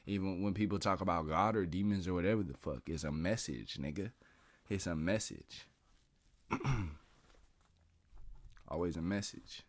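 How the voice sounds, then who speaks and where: A man's voice: low-pitched, no room sound. A man in a casual philosophical monologue, rambling and slangy with lots of profanity, drawing out his words as he muses and laughing often. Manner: drawn-out, musing delivery. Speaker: podcast host.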